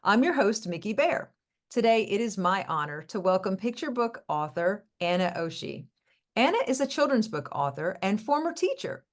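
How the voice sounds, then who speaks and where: A woman hosting an interview with a children's author. She reads her introduction smoothly and in an upbeat way. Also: medium pitch, very animated, normal speed. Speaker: podcast host interviewing an author. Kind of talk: friendly interview, scripted introduction.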